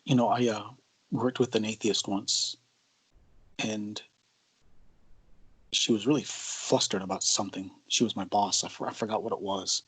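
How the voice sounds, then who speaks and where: A man co-hosting a casual Christian discussion, telling anecdotes with frequent halting restarts. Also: on the low side, steady tone, fairly bright tone, slightly rough, low-quality recording. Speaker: co-host of a Christian mentorship show.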